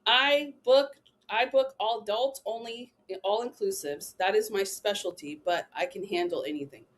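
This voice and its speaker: A woman's voice: mid-range voice, normal speed. Chatty woman training travel agents. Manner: emphatic, chatty, keeps asking "right?" and "okay?". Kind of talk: training talk to camera.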